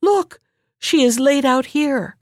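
A woman reading aloud voices a sly, quick-witted man who schemes in an urgent, raised tone. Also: sits high, lively intonation, no room sound, studio quality, voice pushed up.

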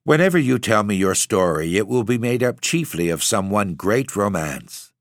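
A caring, earnest young lady speaking gently, read by a man in his own deep voice. The sound is dry and close-miked. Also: lively intonation, normal speed, no room sound, natural voice. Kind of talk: audiobook reading.

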